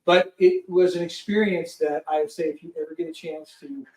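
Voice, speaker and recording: A man telling a lively story as a podcast guest, swearing freely and restarting his sentences often. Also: sits high, a little fast, gravelly, reverberant, recorded from a distance, poor audio. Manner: profane, lively, full of restarts. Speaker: guest producer. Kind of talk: animated storytelling.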